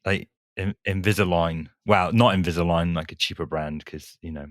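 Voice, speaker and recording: Deep-voiced man with a slight lisp. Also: fairly even intonation, normal speed, dry recording, clean studio sound. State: slight lisp from new braces. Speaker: podcast co-host. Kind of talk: casual podcast banter.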